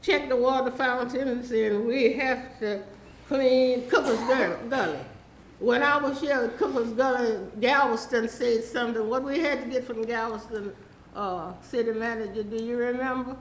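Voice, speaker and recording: A woman's voice: fairly high pitch, normal speed, echoey room, a little hiss or hum, rough recording. A woman, rambling and pleading through a public comment at a city council meeting. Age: 80s.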